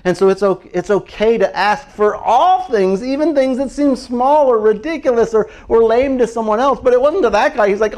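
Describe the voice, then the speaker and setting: A male pastor preaching with a high, light voice. He talks in a chatty, animated way, laughing often and acting out quoted prayers as he goes. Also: normal speed, few pauses. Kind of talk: sermon.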